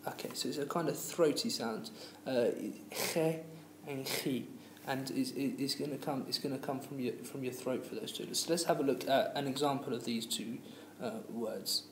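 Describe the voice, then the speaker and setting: A man's voice: mid-range voice, steady tone, fairly quick, few pauses. A man teacher explaining pronunciation rules patiently, with many fillers and restarts. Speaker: language teacher. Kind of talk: classroom lesson. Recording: echoey room with faint noise.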